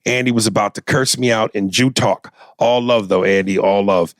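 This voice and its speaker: A man's voice: on the low side, steady tone, moderate pace, no echo. Joking podcast host man, dry close sound. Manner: loose, joking, crude. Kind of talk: casual comedic podcast chat and reading listener email. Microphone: studio mic with headphones.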